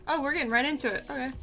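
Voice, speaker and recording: A young woman talks through a show as she watches it, gasping and exclaiming and talking herself out of tears. Her slightly high voice has a gravelly fry, and faint music plays behind her. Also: fairly bright tone. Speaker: reaction video host. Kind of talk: casual reaction commentary.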